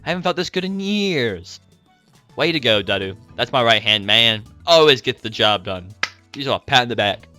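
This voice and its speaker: A man's voice: medium pitch, expressive, normal speed, bright, forceful tone, soft background music. A man voicing a bombastic young mad scientist in a game read-aloud, theatrical and gloating. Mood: triumphant.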